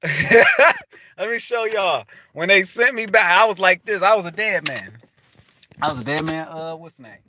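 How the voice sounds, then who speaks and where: Casting note: high-voiced man, rambling profane monologue, dry close sound. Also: dry recording. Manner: rambling, profane, animated storytelling with frequent restarts. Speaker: spiritual vlogger. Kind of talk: casual spiritual monologue to viewers.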